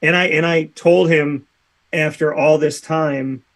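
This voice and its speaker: A man's voice: on the high side, a little slow. A man hosting a sports radio show, telling stories in casual chat and acting out quotes with animation. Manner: animated storyteller, acts out quotes. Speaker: radio host.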